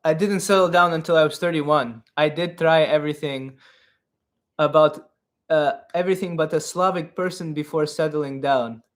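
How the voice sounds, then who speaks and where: A man in his thirties hosts a live comedic advice stream, with a fairly high voice. He keeps a deadpan persona with broken English. His delivery rambles, full of fillers and restarts. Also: moderate pace.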